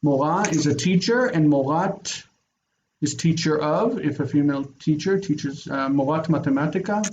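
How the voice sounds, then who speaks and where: A man teaching a Biblical Hebrew grammar lesson, explaining patiently and slowing down to spell out word forms. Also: fairly high pitch, darkish tone, lo-fi sound, slight background noise.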